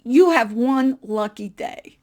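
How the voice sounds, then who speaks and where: A woman's voice: on the high side, slow pace, darkish tone. A woman putting on a blunt Soviet clerk. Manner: blunt broken English.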